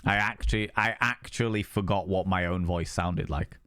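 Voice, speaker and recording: A man's voice: sits low, normal speed, bright, forceful tone, clear, resonant tone, dry recording, studio quality. A man chatting casually with viewers on a game stream, rambling and repeating himself.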